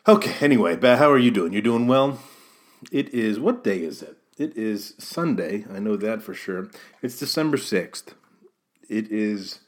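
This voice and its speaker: A man's voice: on the low side, lively intonation, normal speed. A man hosting a casual solo podcast, rambling and self-deprecating as he chats straight to the listener. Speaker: podcast host.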